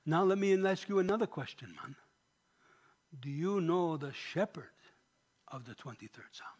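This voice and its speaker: A man's voice: high-pitched, animated, fast, a little mellow. A man voicing an earnest older Belizean man with a Belizean accent, who keeps pressing with "man". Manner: insistent, repeats "man".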